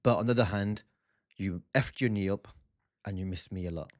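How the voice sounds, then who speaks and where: Deep-voiced teasing man. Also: a little fast, no room sound, clean studio sound. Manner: teasing, jokey. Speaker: podcast co-host, comedian. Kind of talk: casual chat. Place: family home.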